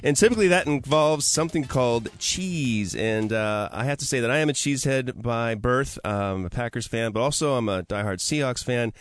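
A man's voice: mid-range voice, moderate pace, few pauses. A man hosting a casual radio talk show from a studio, upbeat and chatty, laughing easily. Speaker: radio host.

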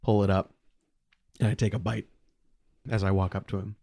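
A man's voice: on the low side, flat delivery, moderate pace, vocal fry, warm tone, no room sound, studio quality. A man playing a tabletop game, speaking his character's lines in a solemn, earnest way. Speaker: player.

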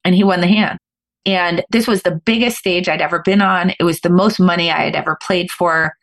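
A middle-aged woman, a podcast guest, telling a story in an animated, fast-flowing way with frequent restarts. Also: on the low side. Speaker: guest, former professional poker player.

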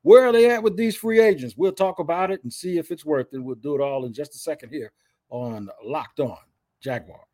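A man's voice: a little high, fairly quick, warm tone. A man from Jacksonville, Florida, hosting a casual sports podcast in an upbeat, chatty way.

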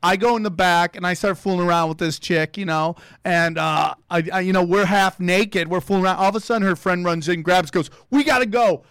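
A man's voice: high-pitched, fairly quick, hardly any pauses, clear, resonant tone, no echo, clean studio sound. A man, a comedian guest, telling a rowdy story on a podcast with lots of swearing. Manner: profane, animated storyteller.

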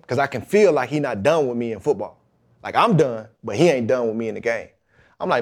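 Guy in his 30s on a podcast, telling it loose and animated, middle pitch. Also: quick pace. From Mississippi, USA. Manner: animated storytelling, colloquial, acts out the voices of the people in his story. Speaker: guest, football player. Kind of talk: storytelling in a podcast interview.

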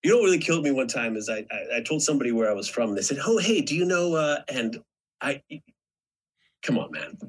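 A man's voice: medium pitch, animated, quick pace, husky, rough recording. A middle-aged man from Alberta, Canada, hosting a podcast and telling rambling anecdotes in casual chat. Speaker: podcast host.

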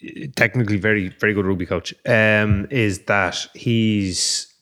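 Male podcast co-host, low-pitched, rambling and profane. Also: fairly even intonation, a little slow, pushed and bright. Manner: rambling, sweary, lots of fillers. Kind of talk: casual sports chat.

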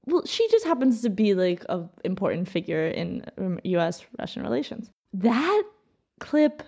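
An American woman in casual conversation, talking in an animated way with many "like" fillers. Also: medium pitch, normal speed, gravelly, breathy edge.

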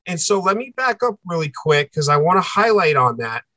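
A man with a slightly high voice tells a personal story as a podcast guest. He talks intensely, circles back to repeat phrases and acts out the voices of the people in the story. The recording is close and dry. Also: big pitch swings, a little fast, bright, forceful tone, no echo.

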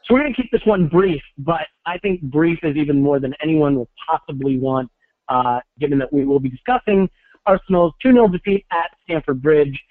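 A man's voice: a little high, brisk, dry recording. A man hosting a podcast in a wry, joking manner, calling in on his phone. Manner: wry, joking, self-deprecating. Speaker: podcast host. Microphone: cell phone call-in. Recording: tinny phone line.

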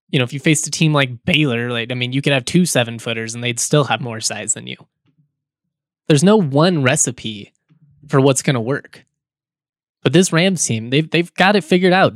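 A man hosting a sports podcast, talking in a relaxed, chatty way with fillers and small chuckles. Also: medium pitch, no room sound, studio quality. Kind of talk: casual podcast talk and read ad.

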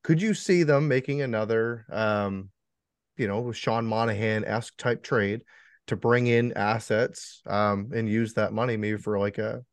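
A man's voice: on the low side, fairly even intonation, unhurried, clear, resonant tone, dry recording. A man hosting a casual podcast chat, easygoing, asking loose questions with lots of fillers. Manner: easygoing, laughs along, filler-heavy questions. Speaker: podcast host.

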